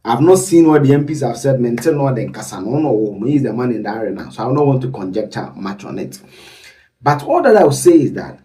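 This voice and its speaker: Rambling animated man, distant mic. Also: mid-range voice, quick pace. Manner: rambling, animated, breaks into asides. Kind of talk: casual commentary on poll data.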